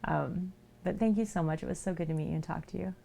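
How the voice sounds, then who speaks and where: A woman's voice: on the low side, quick pace, creaky, dark tone, a little hiss or hum. A woman chatting casually on a live art stream from her home, rambling along with lots of "like" and "um". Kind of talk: casual chat. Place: at home with pets nearby.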